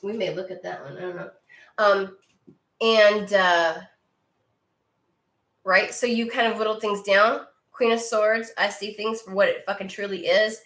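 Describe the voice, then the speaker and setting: Woman, tarot reader, casual and profane, mid-pitched, roomy echo. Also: fairly even intonation, unhurried, long pauses, a bit bright. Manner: blunt and profane, talks to viewer directly. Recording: echoey room.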